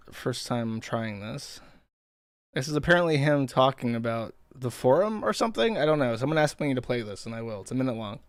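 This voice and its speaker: A man hosting a live stream reacts to a clip and to chat in casual commentary, sounding profane, incredulous and mocking. His voice sits at medium pitch, with clean studio sound and no echo.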